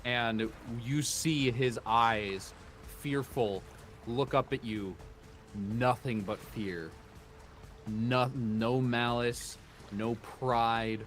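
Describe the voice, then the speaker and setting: A man narrating a tabletop game as game master, slow and deliberate with dramatic pauses. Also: medium pitch, fairly even intonation, a bit bright, faint music behind.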